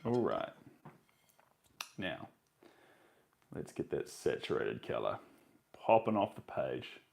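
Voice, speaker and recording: A man's voice: rumbling low, big pitch swings, takes it slowly, creaky, darkish tone. A man, chatting casually to his live stream viewers while he paints, muttering to himself between remarks.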